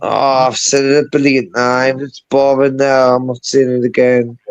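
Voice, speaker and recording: A man's voice: medium pitch, flat delivery, measured pace, dull audio. A man with a Mackem Sunderland accent, a panel guest trading crude, boastful and combative banter on a live stream. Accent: Mackem (Sunderland English).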